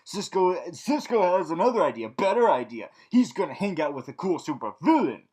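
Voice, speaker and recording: A man's voice: high voice, very animated, fairly quick, a little mellow, husky. A young man in a villain persona, rambling through a casual, snarky TV recap full of fillers and restarts. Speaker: vlog host recapping a TV show.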